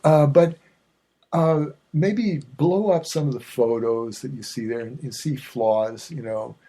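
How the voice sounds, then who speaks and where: A man's voice: mid-range voice, unhurried, mellow. A man hosting his own podcast, chatting in a digressive, self-mocking way with many fillers and restarts. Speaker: podcast host. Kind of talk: rambling solo podcast chat.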